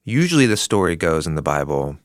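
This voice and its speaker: Deep-voiced man musing in a discussion. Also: big pitch swings, fairly quick, dry recording, clean studio sound. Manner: thoughtful, sums up ideas with short agreeing murmurs. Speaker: podcast co-host. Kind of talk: casual conversational Bible discussion.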